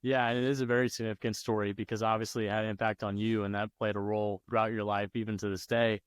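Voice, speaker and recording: A male podcast host asks measured interview questions in a low, even voice. His tone is smooth and clear, with little rise and fall, and the sound is dry. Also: dry recording.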